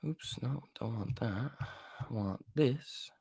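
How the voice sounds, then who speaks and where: A man's voice: mid-range voice, slow, vocal fry, mellow, breathy edge, dry recording, studio quality. A man hosting a live trading stream, talking loosely and thinking aloud as he reads the market, with the odd swear word. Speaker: stock trading stream host. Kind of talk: casual live market commentary.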